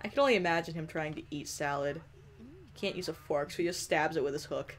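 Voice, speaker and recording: A woman's voice: sits low, expressive, fairly quick. A woman giving playful, giggly gameplay commentary, teasing the characters and talking straight to them on screen. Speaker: let's play host.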